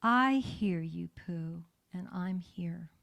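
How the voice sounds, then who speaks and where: A woman reading as a gentle, soft-spoken little piglet. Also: on the low side, extremely slow, vocal fry, heavily acted. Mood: tender. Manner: soft, near-whispered reassurance. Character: gentle, thoughtful small male piglet.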